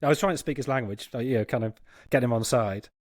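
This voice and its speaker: A man's voice: mid-range voice, fast, no echo, clean studio sound. A man on a football podcast, telling a long funny anecdote and laughing as he goes. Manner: animated, laughing as he tells a story. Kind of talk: anecdotal storytelling.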